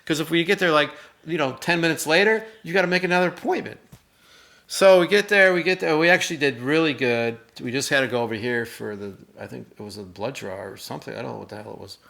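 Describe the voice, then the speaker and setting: A middle-aged man rambling through a casual anecdote while he co-hosts a chat with his mother. His voice is bright and clear. He talks loosely, with restarts, and acts out the people in his story. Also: a little high, quick pace. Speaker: co-host.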